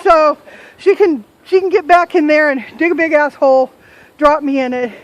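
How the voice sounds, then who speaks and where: High-voiced older woman vlogging outdoors. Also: steady tone, moderate pace, low-quality recording. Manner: chatty, self-mocking, joking. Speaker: travel vlogger. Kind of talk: casual chat to camera. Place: outdoors in a hillside cemetery.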